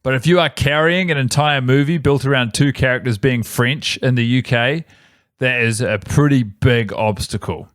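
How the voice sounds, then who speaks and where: A man's voice: medium pitch, normal speed, no echo, clean studio sound. A man co-hosting a podcast, chatting casually and rambling, often correcting himself mid-sentence. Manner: rambling, self-correcting, animated storytelling. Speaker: podcast co-host. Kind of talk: casual chat.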